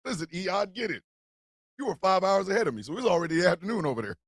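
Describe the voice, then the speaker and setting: A man hosting a live stream show, telling animated, profane jokes in a casual rant. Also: high-pitched, very fast, no room sound. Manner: animated, joking, profane storytelling. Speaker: host.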